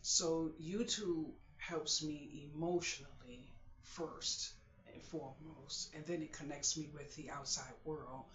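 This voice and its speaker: A vlogger talking in a halting, confiding way on a late-night personal video, holding back tears. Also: medium pitch, steady tone, fairly bright tone, roomy sound, lo-fi sound, slight background noise.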